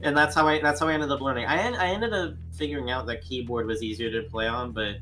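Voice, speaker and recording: Male guest, bright voice, halting delivery with lots of restarts, faint music behind. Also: medium pitch. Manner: halting, many restarts and filler words. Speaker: podcast guest. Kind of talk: casual chat.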